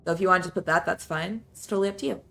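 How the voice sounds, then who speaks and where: Chatty young woman streamer, gravelly. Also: lowish voice, very fast, bright, forceful tone. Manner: chatty, rambling, lots of fillers. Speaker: game streamer. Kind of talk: casual live-stream chat.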